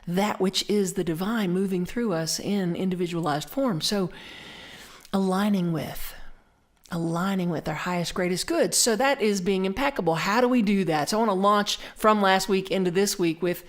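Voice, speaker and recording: A middle-aged woman with a Southern accent gives a conversational sermon, reflective, slowing down and repeating key phrases for emphasis. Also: medium pitch. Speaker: minister.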